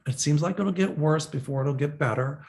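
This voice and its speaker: A man's voice: fairly high pitch, normal speed, a little mellow. A man hosting a psychic show, answering viewer questions in a rambling, casual monologue full of fillers.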